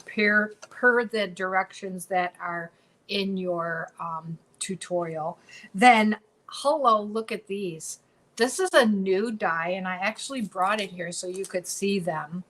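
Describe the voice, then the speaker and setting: A woman hosts a relaxed craft demonstration in a mid-range voice. She is bubbly and chatty and tends to repeat her phrases as she shows each piece. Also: mid-range voice, poor audio. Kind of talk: casual craft tutorial.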